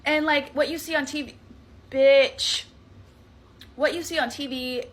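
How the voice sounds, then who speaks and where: Bright, animated woman telling a scary story. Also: high voice, a little slow. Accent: Southern US. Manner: animated, profane, dramatic asides. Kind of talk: casual storytime.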